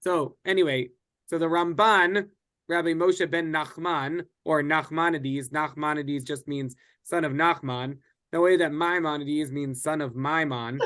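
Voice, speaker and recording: Higher-pitched man teaching a casual Bible class. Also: fairly even intonation, unhurried, fairly bright tone. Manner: conversational, many restarts and fillers.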